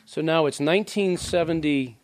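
A man's voice: on the high side, brisk. A man in his sixties, from Louisiana, talking casually to an audience and reading aloud from his own book, with digressive asides. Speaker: author at a reading.

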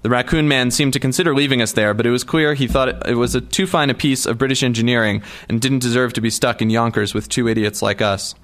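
A man's voice: medium pitch, quick pace, few pauses, a bit bright. A male narrator reading a first-person story aloud in a wry, dry manner. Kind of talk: audiobook narration.

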